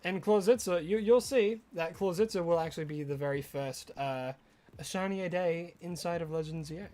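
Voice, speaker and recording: A man's voice: fairly high pitch, brisk, darkish tone, a little hiss or hum. A young Australian man with a mix of Australian and American accent, chatting casually with his live-stream chat while playing a game, mock-indignant and talkative. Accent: Australian with some American.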